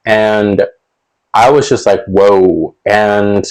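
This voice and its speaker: A young man spins a casual storytime tale in a slightly low voice. He rambles, circling back with fillers and restarts, and breaks into little chuckles between sentences. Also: fairly even intonation, a little slow, darkish tone, low-quality recording. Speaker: storytelling vlogger.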